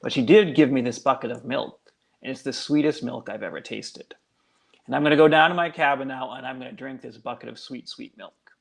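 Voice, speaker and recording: A man's voice: medium pitch, fairly quick, gravelly, close to an everyday voice. A man voicing a weary old sea captain under a witch's spell, in a plain retelling voice. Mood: matter-of-fact.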